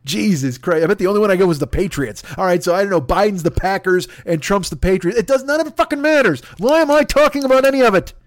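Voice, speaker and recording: Recorded on a podcast microphone with clean studio sound and no room noise, a podcast host launches into a comedic rant. His high-sitting voice is lively, fast and nearly pauseless, bursting with exasperated, profanity-filled outbursts.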